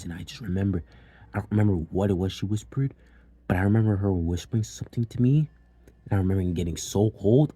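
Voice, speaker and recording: Low husky-voiced young man. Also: dark tone. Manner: loose and profane, with many fillers. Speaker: storyteller. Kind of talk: casual personal storytelling.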